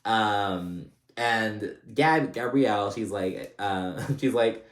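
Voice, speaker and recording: A man's voice: fairly low pitch, slow pace. A man casually recapping a reality TV episode, chatty and rambling, full of fillers and restarts. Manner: animated when retelling funny scenes. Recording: roomy echoey room.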